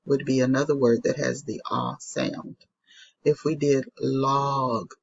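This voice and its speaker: A woman's voice: low voice, fairly even intonation, slow pace, creaky, breathy edge, muffled recording. A woman teaching a recorded phonics lesson to young children, patiently sounding out letters and repeating them. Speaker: elementary school teacher.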